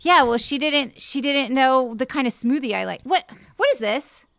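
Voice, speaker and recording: A woman's voice: high voice, normal speed, gravelly, a bit bright, no room sound, clean studio sound. A woman playing a demanding, impatient Jesus as a bossy office boss in an improvised comedy sketch. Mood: disgusted. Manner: snappy, impatient, entitled. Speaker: guest actress.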